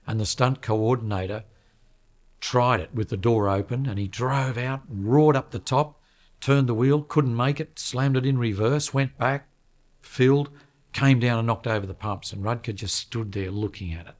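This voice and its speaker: A man from the film crew recalling a stunt in a plain, steady way with a few fillers. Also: mid-range voice, moderate pace.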